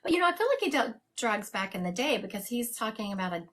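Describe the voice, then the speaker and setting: A woman's voice: on the high side, big pitch swings, fast, fairly bright tone. A woman hosting a live stream as a psychic medium, chatting casually and laughing at herself.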